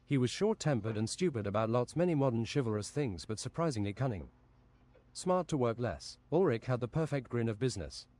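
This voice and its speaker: A man reading an absurd fantasy story aloud on a stream in a deadpan, matter-of-fact way. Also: mid-range voice, a little fast.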